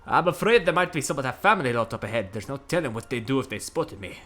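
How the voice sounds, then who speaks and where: A man voicing a nervous man in hiding with a rough put-on Scottish lilt, reading game dialogue. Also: a little high, expressive, brisk, bright, forceful tone, pitched above the performer's own voice. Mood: wary.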